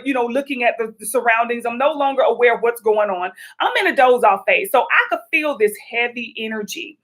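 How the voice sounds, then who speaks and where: Chatty high-voiced woman. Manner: chatty, animated, addresses viewers as y'all. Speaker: spiritual vlogger. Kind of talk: casual livestream talk.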